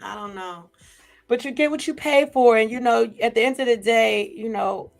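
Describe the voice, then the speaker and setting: A woman vlogger, gossiping in casual commentary to a live chat, chatty and animated. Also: a little high, moderate pace, gravelly, faint music behind.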